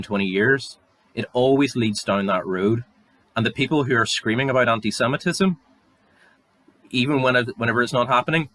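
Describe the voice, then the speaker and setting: A man's voice: mid-range voice, dry recording. A young Northern Irish man ranting alone on his podcast, sarcastic and sweary, his voice climbing when he gets heated. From Northern Ireland. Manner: angry, sweary, sarcastic, rising to near shouts. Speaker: podcast host. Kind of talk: solo rant.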